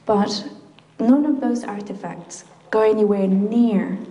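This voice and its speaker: A woman's voice: mid-range voice, dark tone. A woman from Chile giving an informal talk to a group in a library meeting room, chatty, with frequent laughs and fillers. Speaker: speaker addressing a group. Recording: echoey room.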